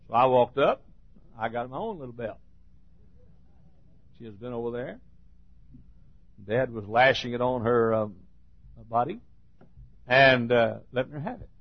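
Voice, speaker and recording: Husky-voiced preacher man, lo-fi. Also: medium pitch, unhurried, long pauses. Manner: rambling folksy storytelling that builds to loud shouting. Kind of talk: sermon. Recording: dull lo-fi sermon recording.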